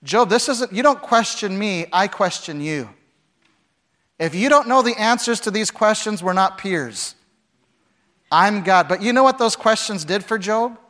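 A man preaching a sermon, with dramatic swings between loud, acted-out lines and hushed, quiet passages. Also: high-pitched, animated, unhurried. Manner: dramatic, acts out voices with big swings from shouting to hushed. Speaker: pastor.

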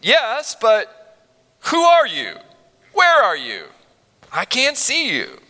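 A pastor acting out a terrified man dangling from a cliff branch, his voice pushed high and darting all over as he begs and bargains in a frantic rush. The sound rings out with the long reverb of a big hall. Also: huge pitch swings, takes it slowly, sharp tone, heavily acted. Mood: desperate. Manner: frantic, pleading.

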